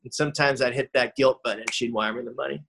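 A man's voice: medium pitch, steady tone, fast talker, creaky, a bit bright, slight background noise, poor audio. A man sharing his own recovery story in a conversational way, often adding "man" and "you know". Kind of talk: recovery talk testimony.

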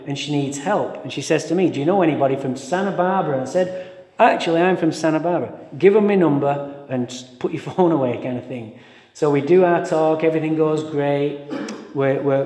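A man with a slightly high voice tells his recovery stories to a live audience, animated and self-mocking, with the odd swear. He sounds as though he is standing in a large hall. The sound rings around the room with a long reverb tail. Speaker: recovery meeting speaker. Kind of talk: storytelling talk to a live audience.

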